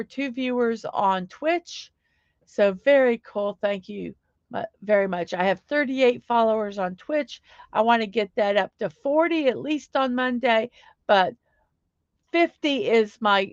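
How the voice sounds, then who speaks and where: A woman's voice: medium pitch, no room sound, lo-fi sound. A middle-aged woman hosting a casual home livestream, chatty and upbeat, reading viewers' comments aloud. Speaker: livestream host.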